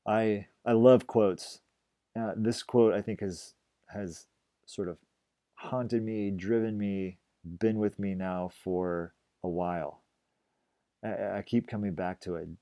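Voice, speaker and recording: Man, low mellow voice, gentle reflective sermon, dry close sound. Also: steady tone, a little slow, no echo. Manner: gentle, reflective, drops to a hush on quiet phrases. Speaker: pastor.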